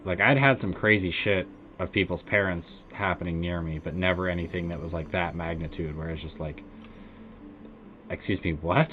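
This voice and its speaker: Deep-voiced American man, tinny sound. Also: fairly even intonation, brisk, few pauses, slight background noise. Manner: rambling, loaded with "like" and "uh" fillers. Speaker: game streamer. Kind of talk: casual storytelling on a live stream. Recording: tinny phone-like sound with faint music behind.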